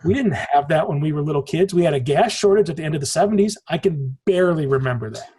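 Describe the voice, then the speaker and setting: A man's voice: fairly high pitch, lively intonation, fast, warm tone, breathy edge. A man in his forties, a podcast guest in casual conversation, telling rambling stories and swearing casually. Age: 40s.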